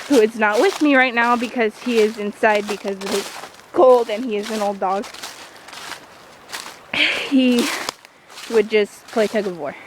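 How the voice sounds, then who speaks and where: A teenage girl vlogging as she walks through a forest outdoors, chatty and self-mocking, with jokey asides, filmed on a handheld device. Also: a little high. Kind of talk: walking tour vlog. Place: small forest by a creek, outdoors on a windy day. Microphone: handheld iPod camera. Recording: wind noise and a rushing creek.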